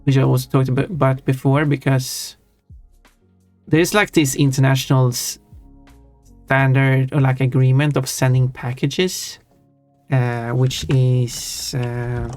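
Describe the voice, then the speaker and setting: A man talks on a livestream in a level, even voice that barely rises or falls. He rambles and thinks aloud, correcting himself as he goes. The dry, close sound sits over faint background music. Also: medium pitch, slow pace, no room sound. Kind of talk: casual chat while drawing on stream.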